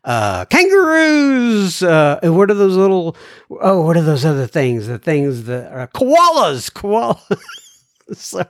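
A man with a slight Southern American accent hosting a podcast, reading listener letters in a lively, joking way. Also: fairly high pitch, a little slow, no room sound. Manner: lively, jokey, animated when reading, turns somber. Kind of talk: casual podcast chat.

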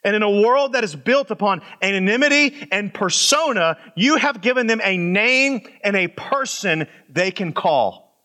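A middle-aged man preaching a sermon as pastor, swinging from emphatic high lines to low, quiet asides. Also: expressive, normal speed.

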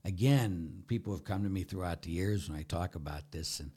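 A middle-aged Catholic priest preaches during a Q&A in a low, brisk, slightly rough male voice. He is emphatic, poses many rhetorical questions, and swings between loud and soft.

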